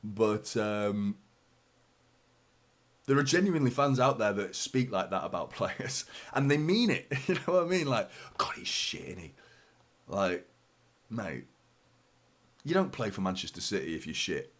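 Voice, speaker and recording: His throat sore and his voice hoarse, this man leads a fan watchalong with live commentary on the match and plenty of swearing and teasing chatter. He speaks at normal speed in a lowish voice with big swings in pitch.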